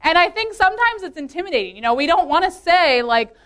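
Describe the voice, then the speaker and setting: A woman's voice: extremely high pitch, very animated, quick pace, fairly bright tone. A woman in her late twenties giving a casual, earnest testimony talk, chatty, filling her speech with "like" and laughing often. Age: 20s. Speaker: youth leader speaking at a women's meeting.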